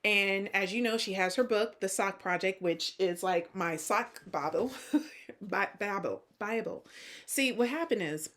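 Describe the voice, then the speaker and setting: A woman's voice: mid-range voice, unhurried, a bit bright. Tired woman host with a slight Southern twang; chatty knitting vlogger who laughs a lot, mid-range voice. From Georgia, US. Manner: chatty, laughs often, self-deprecating. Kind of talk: casual knitting vlog chat.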